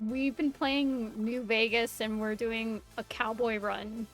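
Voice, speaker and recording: A woman's voice: a little high, flat delivery, slow, faint music behind. A bubbly young woman with a Californian accent, hosting a casual livestream interview and giggling often. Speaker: VTuber host, interviewer.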